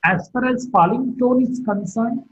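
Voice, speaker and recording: A middle-aged man giving a recorded phonetics lecture, speaking in a slow, deliberate teaching manner and carefully modeling example sentences. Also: very high-pitched, lo-fi sound, a little hiss or hum. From India.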